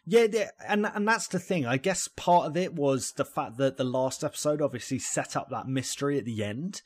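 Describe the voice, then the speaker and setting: A man, chatting casually as a podcast co-host, animated and loose, often saying "mate". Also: mid-range voice, moderate pace. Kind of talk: casual chat.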